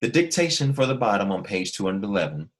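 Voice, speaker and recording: A man's voice: on the low side, big pitch swings. A man teaching a recorded language lesson, explaining patiently step by step and asking his students questions. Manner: slow, careful dictation with each word repeated.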